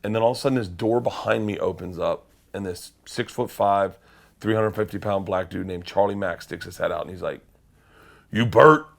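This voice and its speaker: A man, a comedian guest in an interview, telling a long, profane story in a rambling, animated way and laughing at himself. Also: sits low, a little fast, creaky.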